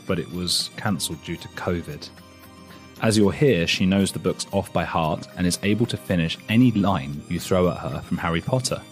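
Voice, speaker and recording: A man from near London hosting a podcast, chatty and self-mocking, with frequent fillers. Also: sits low. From England. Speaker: podcast host. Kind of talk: casual chat and spoken intro.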